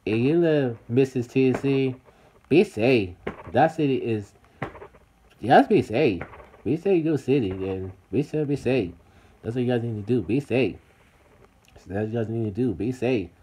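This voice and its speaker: A man's voice: medium pitch, lively intonation, measured pace, pauses often, dark tone, a little hiss or hum. Repetitive man vlogging to his viewers. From United States. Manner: repetitive, addresses viewers as everybody. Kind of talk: casual vlog monologue to viewers. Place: city.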